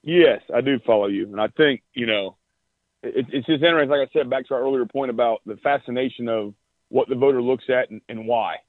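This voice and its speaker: A man's voice: mid-range voice, a little fast, no room sound. A man calling in as a regular guest on political talk radio, blunt and exasperated. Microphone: phone line. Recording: tinny phone line.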